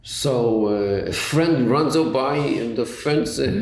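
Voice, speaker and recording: A man's voice: mid-range voice, unhurried, vocal fry, hardly any pauses. A man teaching a Chassidus class, asking rhetorical questions and repeating words as he thinks it through. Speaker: Torah teacher. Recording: echoey room with faint noise.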